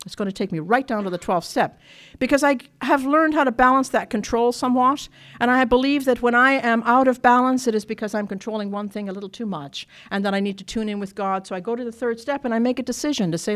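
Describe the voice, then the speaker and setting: A woman addresses a workshop audience in a fairly high voice. She tells her own story plainly and bluntly, laughing often along the way. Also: a little fast. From Ireland. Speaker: recovery meeting speaker. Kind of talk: personal recovery talk to an audience. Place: workshop meeting room.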